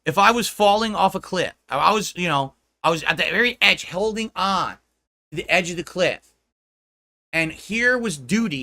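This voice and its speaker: A man's voice: high-pitched, lively intonation, moderate pace, bright, forceful tone. A man livestreaming, ranting in a profane, mocking, combative way.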